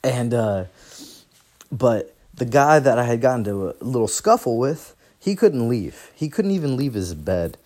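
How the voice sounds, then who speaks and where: A man's voice: mid-range voice, big pitch swings, measured pace, darkish tone. A young man hosting a podcast, telling a story in a casual, rambling, profane way and laughing as he goes. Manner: profane, rambling, laughs through his stories. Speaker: podcast host.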